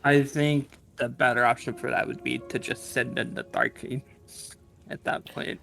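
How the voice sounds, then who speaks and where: A man's voice: medium pitch, fairly even intonation, moderate pace, creaky, fairly bright tone, soft background music. A man playing a tabletop game, asking rules questions in casual chat.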